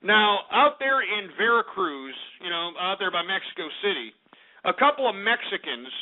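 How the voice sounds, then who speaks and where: A man's voice: high-pitched, big pitch swings, normal speed. A man hosting a radio show, delivering an angry, profane, sarcastic rant. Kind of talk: ranting talk radio monologue. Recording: tinny phone-line internet radio.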